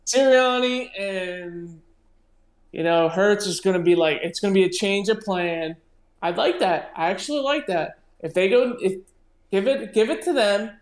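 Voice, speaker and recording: A man's voice: sits high, unhurried. A man co-hosting a casual sports podcast, talking in an agreeable, thinking-aloud way. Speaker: podcast co-host. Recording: echoey room.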